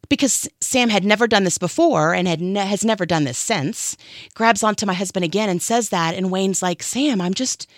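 A woman's voice: medium pitch, no echo, clean studio sound. A woman in her thirties giving an earnest, emotional personal testimony in a storytelling manner. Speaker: speaker sharing testimony.

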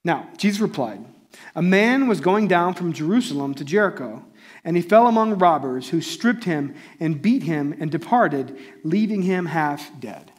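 Animated conversational male preacher. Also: a little high, normal speed. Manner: conversational, animated, often asks the audience "right?". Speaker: pastor. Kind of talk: sermon.

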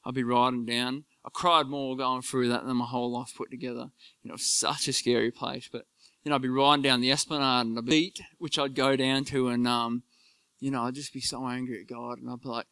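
A man giving an earnest personal faith testimony, halting and full of fillers. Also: mid-range voice, little pitch movement, fairly bright tone, smooth, no echo. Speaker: church member giving testimony.

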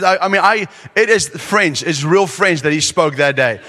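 Male preacher, high-pitched voice, animated storyteller, long reverb of a big hall. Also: moderate pace, hardly any pauses. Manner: animated storyteller acting out quotes. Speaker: pastor. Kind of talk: sermon storytelling. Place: large conference hall.

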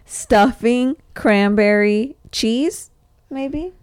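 Podcast co-host: woman, 30s, mid pitch, dry close recording, chatty and upbeat. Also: drawn-out words, a little mellow, clean tone, no echo. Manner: chatty, reads menu items aloud. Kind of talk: casual chat.

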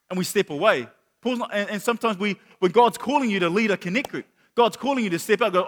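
A man preaching a sermon, animated, telling stories and acting out quotes, with many repeated words. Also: high-pitched, quick pace, in a large hall. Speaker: pastor.

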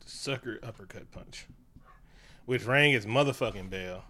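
A man co-hosting a casual chat, talking in an animated, profane way and breaking into funny voices. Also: medium pitch, measured pace. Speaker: podcast co-host.

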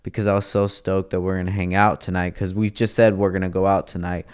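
Young man, casual slangy storytelling, low voice, smooth and clear. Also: little pitch movement, fast talker, a little mellow. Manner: profane, laid-back, slangy, acts out quoted dialogue.

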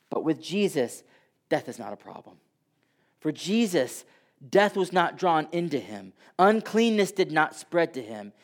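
A man preaching a sermon who swings from loud, emphatic passages down to soft near-whispers. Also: on the high side.

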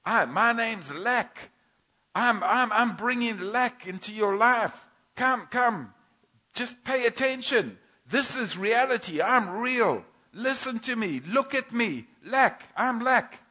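A preacher puts on a mocking enemy spirit, his voice pushed high and bright. It jeers and insists, stretching its words slowly to demand attention. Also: animated, full character voice. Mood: taunting. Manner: insistent, jeering, drawn-out. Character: taunting male enemy spirit named Lack.

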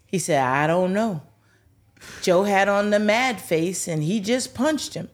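A woman's voice: medium pitch, measured pace. A middle-aged woman telling funny family stories on a talk show, acting out the voices of the people in them. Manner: animated, acts out voices in her stories. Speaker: guest, host's mother. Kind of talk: casual storytelling.

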